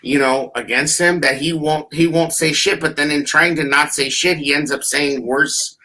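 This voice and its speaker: Profane, animated man with a bright voice. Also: on the high side, normal speed, slight background noise. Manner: profane, animated storytelling with bursts of shouting. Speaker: podcast co-host. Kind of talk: casual sports chat.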